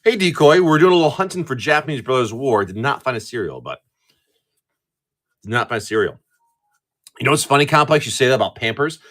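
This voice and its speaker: Middle-aged male streamer, chatty and profane, bright lively delivery, casual rambling. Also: mid-range voice, a little fast, pauses often. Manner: chatty, profane, laughs easily; rambling with frequent restarts. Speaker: live-stream card breaker. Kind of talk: casual live-stream chat.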